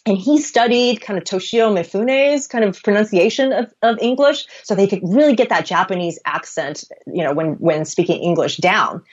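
An American woman speaking in a conversational interview as an author, animated, laughing often and restarting her phrases. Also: medium pitch, normal speed, few pauses, highs cut off.

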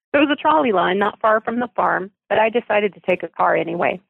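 A woman's voice: mid-range voice, lively intonation, fairly quick, creaky, few pauses, husky, no echo. A woman novelist reading her own story aloud in a wry storytelling manner over a phone line.

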